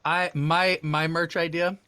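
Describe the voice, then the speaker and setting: A man's voice: a little high, level tone, unhurried, bright, forceful tone, clear, resonant tone, no room sound. A man who is ill, chatting casually and giggling before a tabletop game. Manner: bubbly, giggly. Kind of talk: casual chat.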